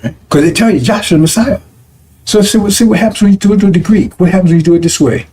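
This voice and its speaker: A male preacher teaches his congregation in a loose, conversational way. His voice sits a little high and has a dark, mellow tone, and he keeps stopping to check that his listeners follow him. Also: fast, slight background noise. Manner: conversational, repeats 'right?' and 'see?' to check listeners. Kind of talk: broadcast sermon teaching.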